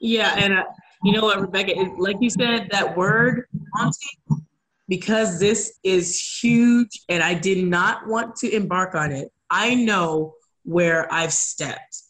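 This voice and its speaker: A woman's voice: medium pitch, slow, a bit bright, low-quality recording. A woman guest speaking earnestly in a casual interview, acting out the voices of people she quotes. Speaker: guest, community advocate.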